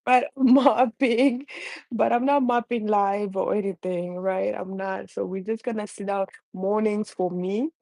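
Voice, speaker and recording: A woman's voice: medium pitch, steady tone, normal speed, vocal fry, hardly any pauses, warm tone, dry recording. A young adult woman with a non-native accent chatting casually and rambling on a live stream from her home kitchen. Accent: non-native English. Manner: chatty, rambling, frequent restarts. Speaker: caregiver mom vlogger.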